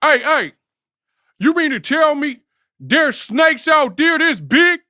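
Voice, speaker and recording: A man doing an impression of an exasperated streetwise man, with high, whining exclamations and repeated questions. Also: expressive, takes it slowly, pushed and bright, dry recording, clean studio sound, heavily acted. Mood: incredulous.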